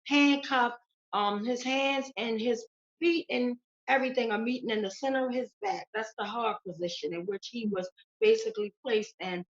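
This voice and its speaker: A woman's voice: fairly high pitch, moderate pace, dull audio. A woman guest giving urgent, emotional testimony in an interview, pleading and repeating phrases. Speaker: interview guest, victim's sister.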